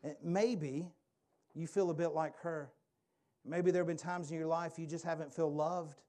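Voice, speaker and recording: A man delivers a sermon with a mellow, dark tone. He swings from lively, raised emphasis to slow, hushed intensity. He often pauses on key words for effect. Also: on the high side. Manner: dynamic preaching, drops to quiet intensity for emphasis. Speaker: pastor. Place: church or meeting room with a live audience.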